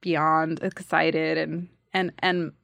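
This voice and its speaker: A woman's voice: sits low, takes it slowly, gravelly, no room sound. A woman in her forties, originally from New York, chatting casually as an actress guest and acting out quotes while she tells a story. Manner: animated storyteller, acts out quotes. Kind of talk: casual chat.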